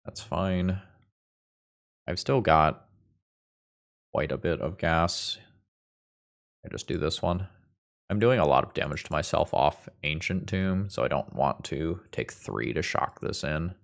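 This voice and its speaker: A young man narrating his card game with a stuffed-up, congested sound. His voice sits very low and carries a gravelly fry. He thinks aloud, dropping dry, self-aware quips. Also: animated, unhurried, pauses often. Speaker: Magic gameplay video host. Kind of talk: casual gameplay commentary.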